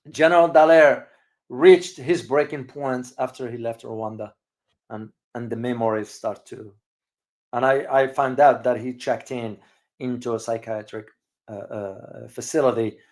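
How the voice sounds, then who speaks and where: A man hosting a casual live-stream commentary, speaking emphatically to his viewers, repeating words for stress and pausing often with hesitations. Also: medium pitch. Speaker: channel host and geopolitical commentator.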